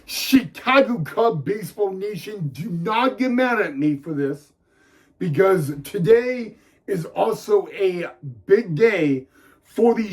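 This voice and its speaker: Young guy fan vlogger, high-ish voice, takes his time, keeps saying "guys", all eager. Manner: keeps calling the viewers "guys", eager and excitable. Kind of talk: casual direct-to-camera talk.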